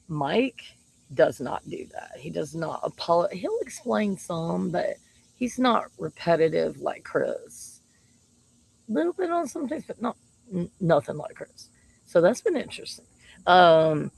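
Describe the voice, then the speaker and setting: A woman's voice: lowish voice, lively intonation, slow pace, gravelly, husky, low-quality recording. A woman talking casually about her partner, chatty and laughing often. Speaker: shaman. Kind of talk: casual monologue to camera.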